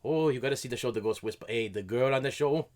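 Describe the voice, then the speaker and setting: A man voicing an excitable immigrant coworker who is a fan of a famous singer, speaking in exclamatory broken English. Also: mid-range voice, quick pace, voice pushed up, natural voice. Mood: eager.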